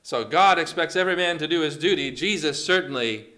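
A man's voice: on the high side, expressive, brisk, sharp tone. A man preaching a sermon, asking the congregation questions and acting out quotes along the way. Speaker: pastor.

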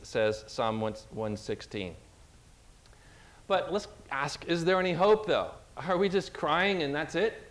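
A man preaching an earnest, heartfelt sermon, speaking warmly and personally as he retells scripture. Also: on the high side. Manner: earnest, emotional, retelling scripture with acted quotes.

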